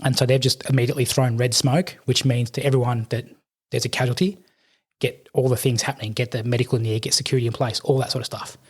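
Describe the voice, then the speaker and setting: Husky Australian man telling a war story. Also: medium pitch, fast talker. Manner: animated, swears, acts out quotes. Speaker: podcast guest, army veteran. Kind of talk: casual storytelling.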